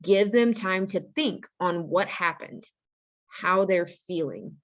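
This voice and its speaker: A woman's voice: lowish voice, takes it slowly, dull audio. A woman on the staff of a school, talking earnestly and practically to parents and giving them advice on handling angry teenagers. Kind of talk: informal parent-education talk.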